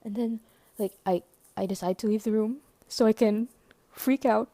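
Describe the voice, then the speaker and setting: A woman from Maryland excitedly telling a story to camera, gushing, swearing, filling every pause with "like" and sometimes dropping to a hushed whisper. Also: a little high, no echo. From Maryland, USA. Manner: gushing, swears often, heavy use of "like"; drops to hushed whispers at times.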